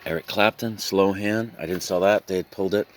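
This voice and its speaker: Low-voiced man musing over records. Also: fairly quick. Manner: rambling, reads out album titles with deadpan joking asides. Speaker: reseller showing a record haul. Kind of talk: casual vlog commentary.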